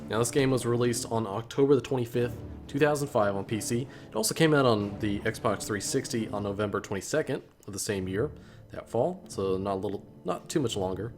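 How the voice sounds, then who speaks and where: A man's voice: fairly low pitch, fairly quick, darkish tone, soft background music. A young man casually commenting on a game he plays, rambling with joking asides. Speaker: let's play host.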